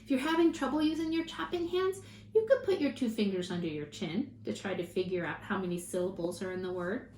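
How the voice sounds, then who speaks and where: Casting: female teacher, lively sing-song delivery, echoey room with light hiss. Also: medium pitch. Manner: slow, encouraging, drawn-out word modeling. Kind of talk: phonics lesson for young children.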